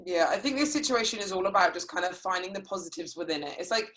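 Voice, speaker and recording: A woman in her twenties, a guest on a podcast call, speaking softly and earnestly with lots of fillers. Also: fairly low pitch, lively intonation, quick pace, poor audio. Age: 20s. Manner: soft-spoken, filler-heavy, earnest. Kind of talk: casual group chat on a call. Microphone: video call.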